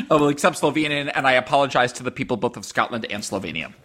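A man co-hosting a comedy podcast, chatting casually in a playful, rambling way with quick bursts and restarts. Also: mid-range voice, lively intonation, a bit bright. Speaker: podcast co-host.

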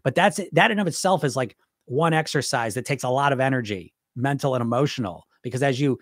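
A man's voice: medium pitch, expressive, a little fast, no room sound, studio quality. A man coaching about weight loss in a casual, rambling live-stream talk, full of restarts and asides.

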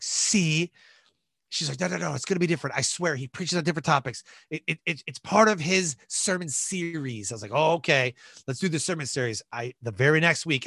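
A man with a bright, forceful voice, telling a story as a podcast guest. His voice sits a touch high for a man and he animates the people he quotes, laughing along the way. The sound is dry and close. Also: dry recording. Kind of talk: storytelling in a casual interview.

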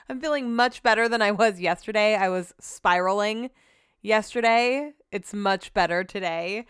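A woman's voice: mid-range voice, moderate pace, clean tone, dry recording, clean studio sound. A woman hosting a casual solo podcast from home, talking candidly and chattily with lots of filler words. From Sacramento area, US. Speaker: podcast host.

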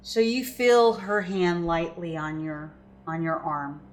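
A woman narrating a tabletop game as game master in a measured storytelling way. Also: lowish voice. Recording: echoey room with faint music.

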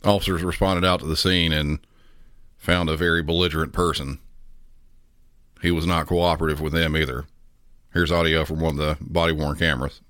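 Very deep, flat-voiced male narrator. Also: fairly quick, long pauses, smooth, no room sound, clean studio sound. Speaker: podcast host. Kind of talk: scripted true-crime narration.

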